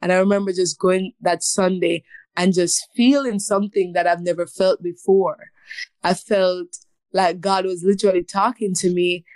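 Woman in her twenties, earnest testimony, fairly low voice, dry close sound. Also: steady tone, normal speed, a little mellow, no echo. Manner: earnest, emotional storytelling with laughter. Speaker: guest. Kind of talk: personal testimony in an interview.

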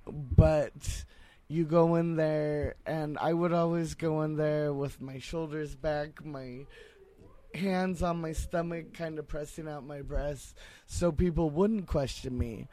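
A man's voice: a little high, fairly even intonation, slow pace, warm tone. A young trans man, a podcast guest, speaking earnestly and thoughtfully in casual chat.

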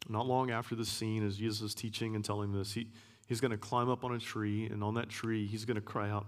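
A man giving a sermon as a guest preacher, earnest, repeating key phrases and sometimes dropping to a hush. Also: fairly low pitch, little pitch movement, fast talker, few pauses. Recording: long hall reverb.

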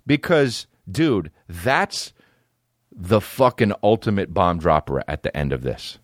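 Male comedy podcast host, lively pitch, crude storyteller who slips into voices. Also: takes it slowly, no room sound, clean studio sound. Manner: profane, animated, jumps into high-pitched character voices.

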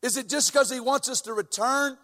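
A male preacher with a high, ringing voice delivers a sermon in a fiery, rhythmic cadence, shouting lines and easing at times into soft, tender talk. His words carry a long reverb from a large church hall. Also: brisk. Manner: intense, shouting, sing-song preaching cadence; quotes scripture and has the crowd repeat after him. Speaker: guest preacher.

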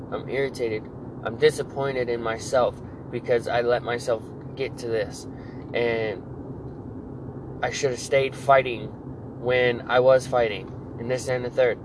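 A man in his late twenties vents on his own podcast in a profane, angry rant. He restarts his sentences and circles back to the same complaints. His voice sits at an ordinary pitch, and clear traffic and air-conditioner noise runs behind it. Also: steady tone, measured pace, pauses often. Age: 20s. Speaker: podcast host.

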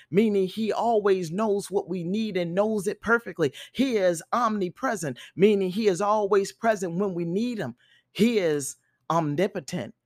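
Woman, evangelist, measured emphatic sermon, leans on key words, dry close recording. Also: lowish voice, a little mellow, no room sound. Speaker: evangelist and podcast host. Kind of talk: recorded sermon with podcast sign-off.

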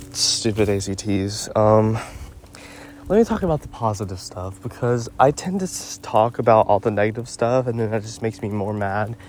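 A teenage boy rants casually into his phone as he walks his dog down a road outdoors. His voice sits on the low side and he takes his time. His talk is loose and full of fillers. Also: a little hiss or hum. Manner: ranting, filler-heavy with frequent "like" and "um". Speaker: podcast host. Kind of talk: casual rambling monologue.

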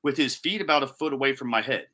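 A man co-hosting a podcast, telling a story in casual chat with plenty of swearing and animated delivery. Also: mid-range voice, quick pace. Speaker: podcast co-host.

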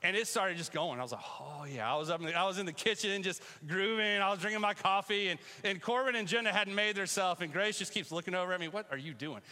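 Animated preacher with a bright, high voice. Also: male voice, fast talker, hardly any pauses, long reverb tail. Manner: conversational and animated, with bursts of loud call-and-response. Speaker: pastor. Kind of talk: sermon. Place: church sanctuary.

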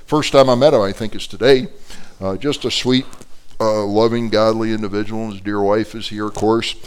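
A man's voice: fairly low pitch, fairly even intonation, brisk, a little mellow, clear, resonant tone. A man teaching an adult Bible class as a pastor, telling stories animatedly with many fillers and restarts.

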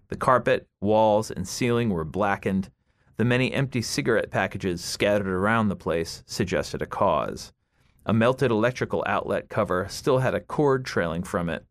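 Man, author, literary reading, measured delivery, lowish pitch. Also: fairly bright tone, no echo. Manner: measured, deliberate. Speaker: author reading his story.

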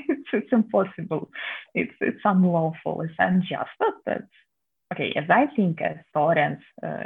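A woman with a Russian accent, an activist and historian, answering interview questions in halting English full of restarts and small laughs. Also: on the low side, gravelly, husky. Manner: halting, many restarts and fillers, laughs mid-sentence. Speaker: activist and public historian guest. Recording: tinny phone-line audio.

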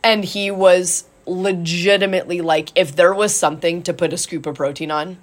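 A woman coach telling a story in casual chat, animated and acting out quotes with lots of "like". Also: lowish voice, moderate pace.

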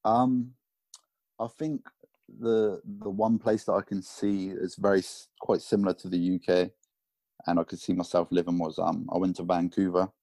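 A man from England with a southern English accent, a podcast guest chatting in a relaxed way with many fillers. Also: deep voice, normal speed, no room sound. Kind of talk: casual chat. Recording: dull, lo-fi call audio.

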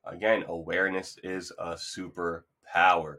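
A man's voice: low-pitched, little pitch movement, a little slow, pushed and bright. A man hosting his own podcast, talking in a loose, rambling, motivational way. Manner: playful, hypes up an imagined crowd. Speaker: podcast host. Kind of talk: casual solo monologue.

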